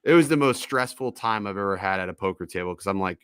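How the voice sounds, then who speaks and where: Profane, animated male stream host. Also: on the low side, fast talker, hardly any pauses, clear, resonant tone, dry recording, clean studio sound. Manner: loose, profane, animated storytelling. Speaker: podcast host. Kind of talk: casual live-stream chat.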